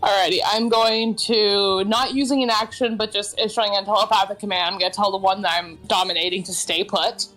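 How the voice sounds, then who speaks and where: A woman player in a tabletop game, calmly declaring her moves and counting out her rolls. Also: mid-range voice, soft background music. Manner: slow, easygoing, counting out dice rolls. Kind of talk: casual tabletop play.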